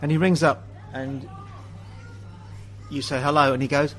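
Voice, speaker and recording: A man's voice: sits high, quick pace, rough recording. A man from England hosting a pub podcast, telling funny anecdotes and acting out the dialogue. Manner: animated anecdotes, acts out dialogue. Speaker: host. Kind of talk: pub chat storytelling.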